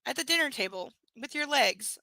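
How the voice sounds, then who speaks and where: A woman reads a novel aloud, stopping often for sarcastic asides and casual swearing. Her voice is high and bright. The recording is dry and close. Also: animated, normal speed, dry recording, low-quality recording. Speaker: book reader. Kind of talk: live book reading with sarcastic commentary.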